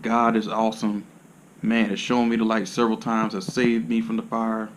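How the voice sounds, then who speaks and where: A man's voice: lowish voice, little pitch movement, moderate pace, slight background noise. Man massage therapist, blunt and profane, streetwise slang, rambling talk to camera. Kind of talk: casual monologue to camera.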